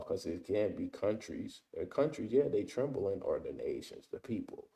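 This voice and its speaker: A deep, mellow-voiced man leads an informal scripture study. He reads a verse, then breaks it down in loose everyday talk, tagging his points with "man" and "right?". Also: animated, normal speed, hardly any pauses. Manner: reads verses aloud then explains them. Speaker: Bible teacher.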